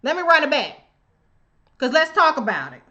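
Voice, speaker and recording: High, bright-voiced fiery woman streamer. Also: big pitch swings, normal speed, lo-fi sound. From United States. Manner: profane, confrontational, emphatic; addresses commenters directly. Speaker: livestream host. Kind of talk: heated political commentary.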